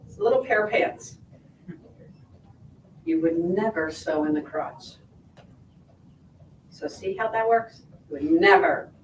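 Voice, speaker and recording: Her lowish voice is captured from a distance, off the mic, in an echoey sewing shop or studio with a little background noise. She's an instructor running a hands-on quilting demonstration, friendly and step by step, regularly asking "right?" and "okay?".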